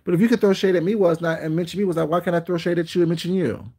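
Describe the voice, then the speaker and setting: A man talks loosely and at length to his stream viewers, circling back over his points. His voice is gravelly and dark, with a husky grain. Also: sits high, fairly even intonation, rapid-fire. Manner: rambling, repetitive, with frequent "you know what I'm saying". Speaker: livestream host. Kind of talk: casual chat with viewers.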